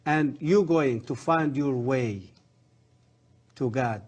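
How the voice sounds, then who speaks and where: Earnest man, husky voice. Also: medium pitch, a little mellow. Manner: earnest, halting non-native English with rising emphasis. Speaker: guest, former professor. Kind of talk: religious TV interview.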